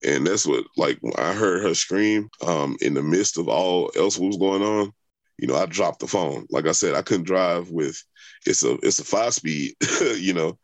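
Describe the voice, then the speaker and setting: Deep-voiced man telling a story. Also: normal speed, no echo. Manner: rambling, many fillers and restarts. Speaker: interviewee. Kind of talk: conversational storytelling.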